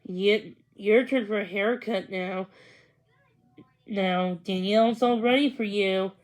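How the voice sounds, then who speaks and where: A woman's voice: medium pitch, steady tone, natural voice. A firm, cheerful storybook mom, as a woman reader puts her on. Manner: brisk and firm. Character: firm, cheerful mother of young children.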